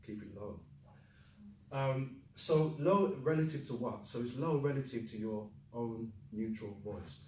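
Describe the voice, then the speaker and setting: A man teaching a classroom lesson, lively, quizzing the class and joking. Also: medium pitch, unhurried, hardly any pauses, echoey room, far from the mic, a little hiss or hum, poor audio. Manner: lively, asks the class questions, jokes. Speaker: Chinese teacher.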